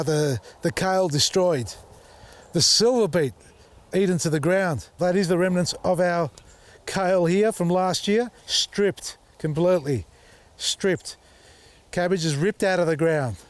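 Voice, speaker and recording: A man hosting a casual vlog outdoors in his vegetable garden, chatty and exasperated, talking to viewers as folks. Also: high-pitched. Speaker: gardening channel host.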